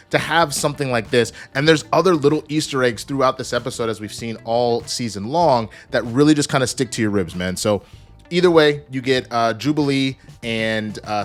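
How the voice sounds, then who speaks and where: A man in his thirties giving an energetic, joking casual spoiler review, swearing and acting out characters. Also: mid-range voice. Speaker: show reviewer.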